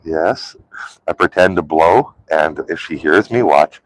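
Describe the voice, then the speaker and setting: A man's voice: very deep voice, unhurried, dry recording, rough recording. A man chatting loosely on a live stream, full of "like" and "um", rambling from one thought to the next. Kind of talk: casual live-stream chat.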